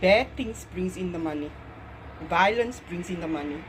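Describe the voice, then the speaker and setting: A woman's voice: fairly low pitch, expressive, moderate pace, a little hiss or hum. A woman with a South African accent talking casually to her vlog audience at home, emphatic and repeating phrases for effect. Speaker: vlogger. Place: home kitchen.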